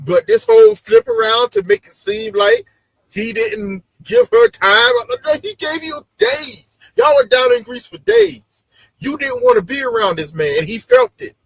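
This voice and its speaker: High, lively, raspy-voiced man. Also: normal speed, no echo, rough recording. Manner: animated, acts out the people he talks about. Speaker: podcast host. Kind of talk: casual reality-show recap chat.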